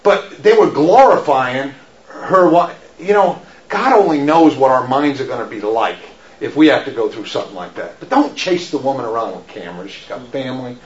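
Guy, middle-aged, animated storyteller, roomy muffled recording. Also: medium pitch, moderate pace. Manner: animated storyteller, laughs often, shouts in acted quotes. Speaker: speaker giving a faith talk. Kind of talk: storytelling talk to an audience. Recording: roomy, dull lo-fi sound.

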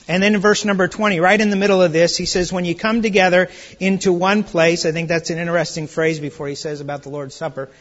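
A man's voice: sits high, fairly bright tone. A man preaching a conversational Bible study sermon, with frequent restarts and emphatic questions. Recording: muffled audio in a reverberant church hall.

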